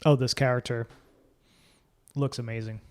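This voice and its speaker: Speaking at normal speed with a steady, slightly mellow medium-pitched voice, a man co-hosts a podcast. His talk is casual, with loose film commentary and plenty of swearing.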